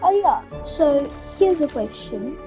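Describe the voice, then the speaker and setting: A woman with a high, animated voice comments slowly on her own gameplay in a let's play, chatty and full of self-mocking asides. Faint game music plays in the background.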